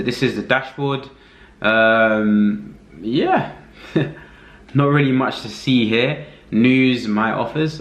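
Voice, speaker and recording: A man giving a casual screen-recorded walkthrough as a reviewer, relaxed and thinking aloud with many fillers. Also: medium pitch. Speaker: affiliate marketing reviewer. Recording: roomy echo.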